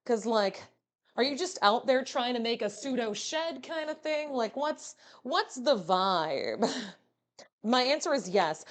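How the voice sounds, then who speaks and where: Animated, teasing woman streamer. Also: fairly high pitch, slow pace. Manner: playful, teasing, swears freely. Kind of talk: casual live-stream chat.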